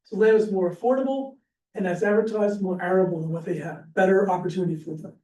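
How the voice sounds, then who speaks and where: He's a fast-talking man from Pennsylvania with a high-pitched, mellow voice and a steady tone, giving an informal history lesson at church. Expect rambling chatter, many fillers, and restarts, heard through an echoey room on a far-off mic with slight hiss.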